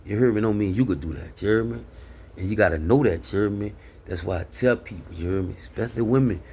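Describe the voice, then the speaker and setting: A man's voice: lowish voice, darkish tone, husky. A man giving a casual spoken sermon of life advice, earnest and full of street slang, constantly asking "you hear me?".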